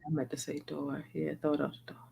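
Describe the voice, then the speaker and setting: A woman on a casual panel, reacting with animated comments and offering advice. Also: low voice, fast, gravelly.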